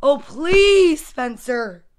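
A woman voicing an exasperated mother who shouts and scolds her son over his toys, reading from a picture book. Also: high voice, a little slow. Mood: stern. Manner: shouting, bossy. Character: exasperated mom yelling about toys.

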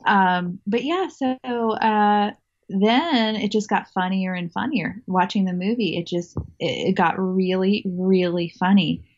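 A woman's voice: mid-range voice, a little slow, highs cut off. A woman guest telling a story in a casual interview, chatty, laughing often and restarting her sentences.

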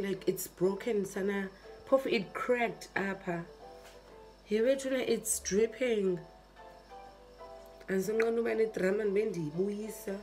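With music playing behind her, a young South African woman records a chatty vlog, addressing viewers directly while complaining in exasperation. Her voice is medium-pitched and warm.

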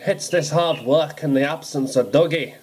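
A man's voice: on the high side, moderate pace, darkish tone, a little hiss or hum, natural voice. Donald, a man doing an engine. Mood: weary. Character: weary kindly Scottish male tank engine. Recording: music playing under the voice.

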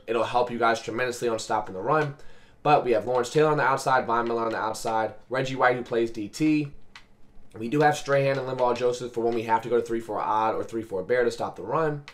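A man with a raspy, hoarse voice from a cold, commenting on a football video game and cheering at plays. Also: medium pitch. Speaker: gaming commentator. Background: faint background beats.

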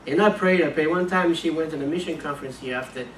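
Earnest preacher in an echoey church. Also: male voice, a little high, quick pace, a little hiss or hum. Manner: repeats and restarts words, earnest storytelling. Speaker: missionary preacher. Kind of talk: sermon with a personal story. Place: church sanctuary. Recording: echoey church room, mic at a distance.

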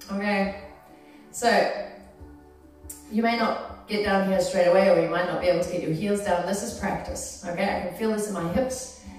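Instructor woman cueing stretches in an echoey room. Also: medium pitch. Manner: encouraging, gives cues and checks in with okay. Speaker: fitness instructor. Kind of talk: guiding an exercise class. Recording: very echoey room from far off, faint music.

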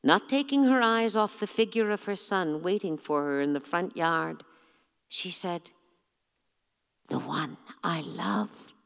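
A middle-aged woman, an author, reading from her memoir in a measured, expressive, theatrical way at a bookstore event. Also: fairly low pitch, smooth, in a large hall.

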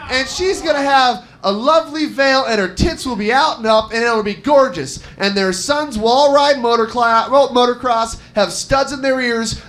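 A man in his twenties doing a stand-up set on an open-mic bar stage, brash, profane and animated as he tells stories. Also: extremely high pitch. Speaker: stand-up comic, first-year teacher.

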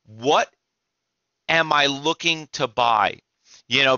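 A man's voice: medium pitch, takes it slowly, pauses often, pushed and bright, smooth, no echo, muffled recording. A middle-aged man, an exhausted trading instructor giving rambling, emphatic market commentary to viewers with many restarts.

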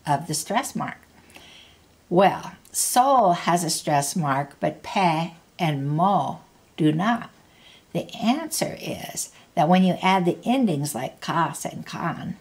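Slow, low-voiced woman teaching a language. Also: gravelly, slightly rough. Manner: patient, prompts learners to repeat. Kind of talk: slow spoken language lesson.

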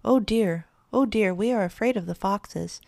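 A woman's voice: mid-range voice, normal speed, creaky, a little mellow, no room sound, clean studio sound, natural voice. A woman voicing three small, eager kittens who speak together in pleading, lifted tones. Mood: scared.

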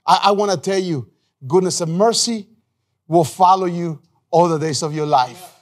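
A male pastor preaching a live sermon in a church, emphatic, repeating phrases, calling on the congregation and restarting his sentences in quick bursts. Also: sits high.

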